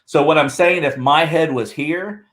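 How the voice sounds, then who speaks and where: A man on a podcast as a guest researcher, telling a rambling, animated story in casual chat. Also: a little high, measured pace.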